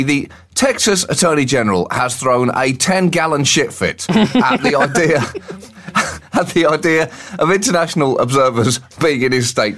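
A man co-hosting a satirical comedy podcast, delivering news items with sardonic mockery. His voice sits at a middle pitch and he often laughs into his own lines. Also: fairly bright tone. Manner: sardonic, mocking, breaks into laughter. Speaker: co-host.

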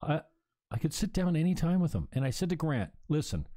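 Guy hosting a talk show, blunt and sweary, kinda higher voice, heated. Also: expressive, fairly quick, mellow. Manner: blunt, profane and emphatic.

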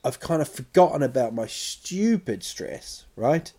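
A male comedian telling a story in a self-mocking, animated way, acting out sounds and little voices as he goes. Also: mid-range voice, a little slow, breathy edge. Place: lives in Stockholm.

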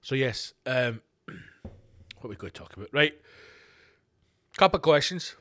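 A middle-aged Scottish man hosting a podcast, ranting alone in a sweary, animated, storytelling way. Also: mid-range voice, measured pace. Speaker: podcast host. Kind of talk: casual solo rant.

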